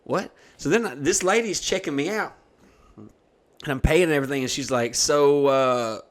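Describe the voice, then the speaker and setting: A man's voice: fairly high pitch, moderate pace. A young man hosting a podcast, telling a long comic story in a casual, profane way and acting out the people in it. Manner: profane, animated, acts out quoted people. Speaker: podcast host.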